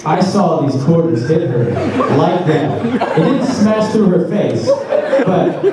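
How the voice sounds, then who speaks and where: A man in his thirties from the American South tells a story to a crowd at a convention. He speaks in an animated way, with bursts of laughter. The mic sits far from him in a big, very echoey hall with clear background noise. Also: a little high, slow pace. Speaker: convention panel guest. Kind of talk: storytelling to an audience.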